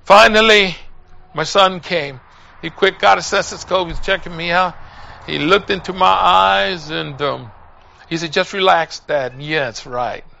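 Older man, preacher, high-pitched, gravelly, bright, storytelling sermon that rises to shouting. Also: measured pace, muffled recording, a little hiss or hum. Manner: storytelling, building to loud exhortation. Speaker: pastor.

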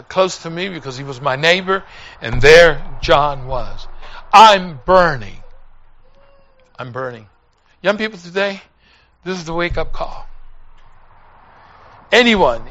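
A man's voice: on the high side, a bit bright, muffled recording. A man preaching a sermon, telling a story with emotion and hammering points home through repetition.

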